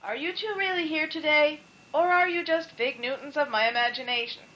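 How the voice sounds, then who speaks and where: Lady doing a jokey science teacher guy, teasing, bright voice. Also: high-pitched, brisk, lo-fi sound, slight background noise, voice pushed up. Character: joking middle-aged male science teacher.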